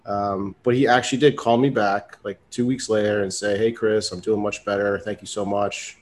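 A man's voice: on the low side, little pitch movement, moderate pace. Easygoing man telling a story. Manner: loose storyteller, laughs often, many fillers. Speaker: podcast co-host. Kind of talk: casual podcast storytelling.

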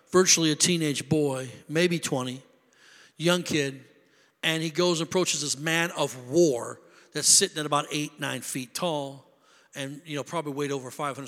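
A man preaching a sermon as pastor, building into shouted preacherly crescendos. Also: on the high side, moderate pace, big-room sound. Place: church sanctuary.

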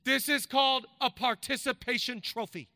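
Man, pastor, sermon, high voice, bright tone, conversational to emphatic. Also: moderate pace, no echo. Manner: conversational then building to loud emphatic preaching.

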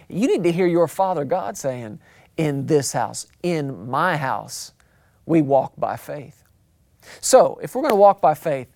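An emphatic pastor delivers a sermon, reading scripture and then preaching on it, with a voice that sits in a middle register. The delivery often slows to a crawl to drive a phrase home. The sound is close and dry, with almost no room echo. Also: medium pitch, a little mellow. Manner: calls out to the congregation. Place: church.

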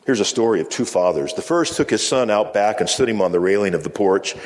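A male pastor giving a sermon, speaking in measured phrases with slow, emphatic pauses. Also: on the low side, expressive. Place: church sanctuary. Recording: long reverb of a church hall.

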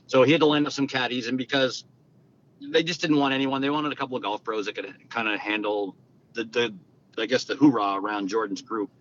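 Guy telling stories, acts out the dialogue, muffled sound. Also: fairly quick. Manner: animated, acts out quoted dialogue. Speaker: guest telling golf stories. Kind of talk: conversational storytelling. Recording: dull lo-fi sound with faint rumble.

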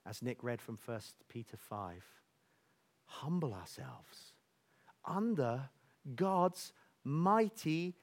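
A man preaching a sermon, telling stories with animated energy and dropping to soft near-whispers for emphasis. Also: mid-range voice, takes it slowly, long pauses.

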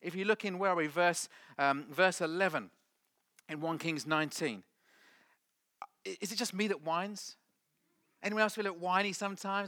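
A man preaching a sermon to a congregation, with dramatic swings from loud to hushed. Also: high-pitched, moderate pace, pauses often. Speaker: pastor. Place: church hall with audience.

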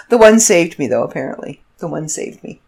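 A woman podcast host telling a funny personal story in a casual monologue, animated and often laughing. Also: low-pitched, creaky.

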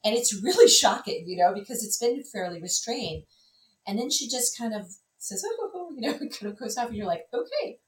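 A woman film critic, a guest in a casual conversation, talking in an animated way with many fillers and restarts. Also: mid-range voice, brisk, slight background noise. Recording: echoey room, distant mic.

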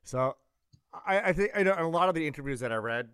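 A man hosting a podcast, asking questions in a relaxed, halting way. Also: on the high side, clean tone, no echo, studio quality. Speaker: podcast host. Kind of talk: casual interview chat.

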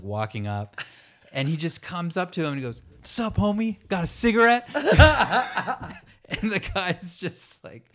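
A young adult man co-hosting a podcast, telling a story in a relaxed, casual way, laughing often and swearing freely. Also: medium pitch. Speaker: podcast co-host. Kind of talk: casual chat.

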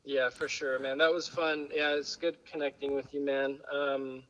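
A man's voice: mid-range voice, little pitch movement, moderate pace, fairly bright tone, dull audio. A man chatting candidly as a podcast guest, rambling and full of fillers. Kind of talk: casual chat.

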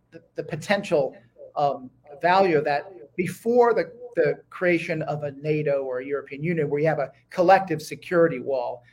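Eager, fairly high-voiced male historian. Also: a little mellow. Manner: eager, talks in bursts with many restarts. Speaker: guest historian. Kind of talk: conversational interview.

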